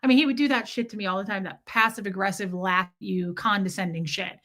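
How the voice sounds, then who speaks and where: A middle-aged woman with a medium-pitched voice talks fairly quickly with hardly any pauses on her live stream, candidly answering viewer comments about her ex. Animated and swearing freely, she mocks the condescending ex by quoting him in exaggerated voices.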